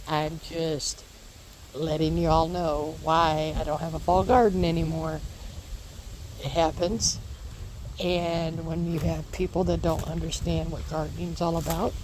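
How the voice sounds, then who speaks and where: A homesteading vlogger talks casually in her garden, wandering from point to point and reassuring viewers again and again. Her voice sits low with a darkish tone, and a faint hiss or hum runs under it.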